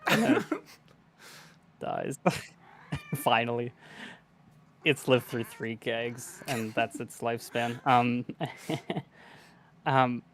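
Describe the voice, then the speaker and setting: A man playing in a tabletop game, thinking out loud with a lot of "um" and restarts. His voice sits at an ordinary middle pitch. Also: drawn-out words, pauses often, a little hiss or hum. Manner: hesitant, rambling, laughs often. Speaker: player. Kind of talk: casual tabletop game play.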